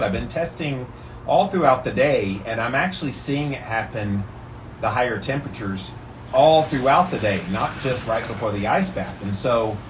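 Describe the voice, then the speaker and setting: A man's voice: mid-range voice, slight background noise, poor audio. A man vlogging casually from an outdoor ice bath, upbeat and chatty, asking his viewers rhetorical questions. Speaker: health vlogger. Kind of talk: casual talk to camera while sitting in an ice bath.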